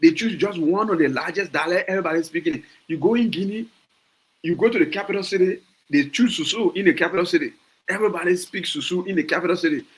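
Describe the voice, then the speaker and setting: The host is a Liberian man with a Liberian accent, chatting casually and passionately on his podcast, voicing opinions, restarting phrases, and asking rhetorical questions. His voice is high-pitched, fast, and a bit bright, in a low-quality recording.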